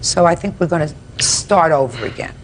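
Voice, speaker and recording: A woman's voice: sits low, expressive, normal speed, background noise. An older woman presiding as a TV judge, questioning litigants bluntly and with command. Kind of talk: courtroom questioning.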